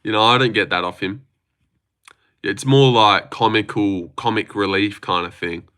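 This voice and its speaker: A man's voice: lowish voice, moderate pace, bright, forceful tone, clean tone. A man chatting casually on a livestream, rambling, swearing freely and reading out chat messages. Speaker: livestream host.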